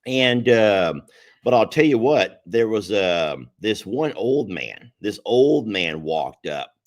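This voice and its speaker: A man co-hosting a casual chat show, telling a story with a lot of energy. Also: slow pace. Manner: animated storyteller, pitch jumping up when excited. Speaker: podcast co-host.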